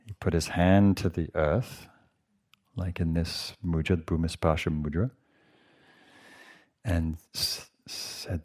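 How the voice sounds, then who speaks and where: Low-voiced man giving a dharma talk. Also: steady tone, slow pace, long pauses. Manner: gentle, conversational, asks the audience questions. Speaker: meditation teacher. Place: meditation hall.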